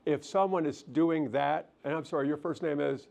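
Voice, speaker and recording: Gravelly-voiced male counselor giving a lecture. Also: a little high, fairly even intonation, moderate pace, hardly any pauses. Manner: gentle, self-deprecating, thinks aloud with restarts. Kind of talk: relaxed lecture with audience questions. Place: lecture hall.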